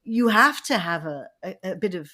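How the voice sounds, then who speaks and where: Animated Mancunian woman telling stories. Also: mid-range voice, moderate pace. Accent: Mancunian English. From Manchester, England. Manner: animated storyteller, lively rambling anecdotes. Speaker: podcast co-host. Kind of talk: casual chat.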